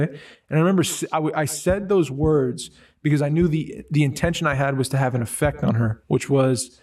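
A man's voice: on the high side, a little fast, darkish tone, recorded from a distance. A man in a casual conversation, telling personal stories in a rambling way with many fillers and restarts.

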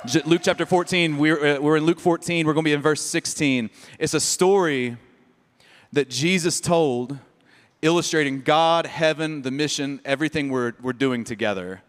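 A male pastor preaching a lively sermon, joking and sarcastic, often repeating words. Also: fairly high pitch, normal speed. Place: church sanctuary. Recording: long reverb of a church hall.

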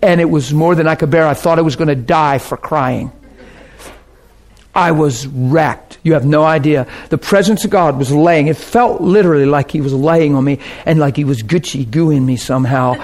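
A man preaching a personal testimony, telling the story with strong feeling and swinging between soft and loud delivery. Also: a little high. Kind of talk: sermon testimony.

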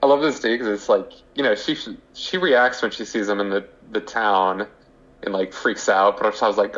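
Low-voiced young man, dull lo-fi audio. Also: fairly quick, a bit bright. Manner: loose and conversational, many "like" and restarts. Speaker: podcast co-host. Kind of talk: casual chat.

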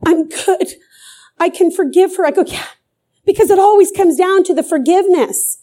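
A woman's voice: very high-pitched, moderate pace, warm tone. A middle-aged woman preaching a sermon with fervor, repeating phrases for emphasis.

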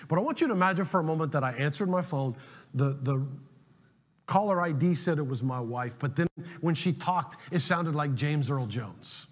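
A man preaching a sermon as pastor, animated and emphatic, telling humorous stories to make a point. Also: on the high side, moderate pace. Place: church sanctuary. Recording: long hall reverb, faint music.

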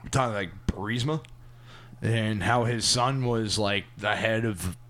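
A man co-hosting a podcast in casual chat, halting, full of restarts and "like". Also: lowish voice, fairly bright tone.

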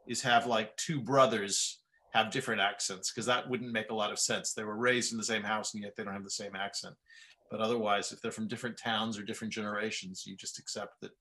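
A man who creates historical drama series, explaining his choices in a lively way and laughing easily. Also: fairly low pitch. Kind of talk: interview answers.

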